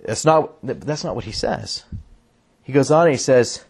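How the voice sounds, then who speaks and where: A man preaching a sermon, reading scripture in a slower, lower voice and explaining it earnestly. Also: animated, darkish tone, breathy edge. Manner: reads scripture in a lower, slower voice, then speeds up; earnest, restarts sentences. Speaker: pastor.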